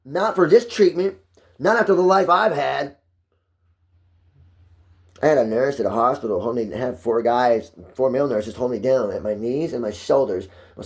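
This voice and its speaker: A man's voice: medium pitch, darkish tone. Agitated man on a profane rant. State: distressed, voice rising toward shouting. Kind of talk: angry personal monologue.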